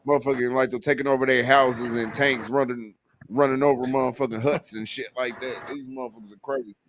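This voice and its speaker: A man's voice: medium pitch, fairly even intonation, fast, a little hiss or hum. A man in loose, profanity-heavy casual chat, telling joking stories. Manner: loud, profane, joking storyteller.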